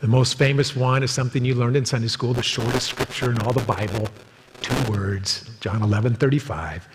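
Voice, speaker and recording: A man's voice: level tone, fairly quick, long reverb tail, heavy background noise. A man preaching a sermon as a pastor, telling stories and acting out the people in them. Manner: storytelling, acting out quoted voices in a higher pitch. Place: church sanctuary.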